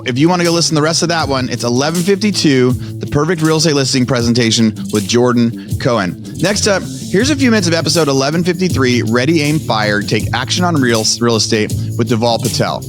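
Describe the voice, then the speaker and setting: A man hosting a podcast, introducing clips and asking loose, filler-heavy questions. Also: medium pitch. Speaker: podcast host. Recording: music under voice.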